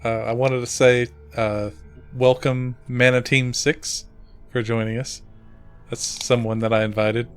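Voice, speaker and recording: A man's voice: mid-range voice, flat delivery, unhurried, clean tone, faint music behind. A man playing in a tabletop game, chatting casually and often stopping and restarting his sentences. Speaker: player.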